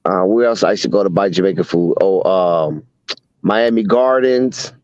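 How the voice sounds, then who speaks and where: A man's voice: low voice, moderate pace, darkish tone, dry recording. A man in casual chat, telling laid-back stories with trailing asides. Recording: dull dry lo-fi sound.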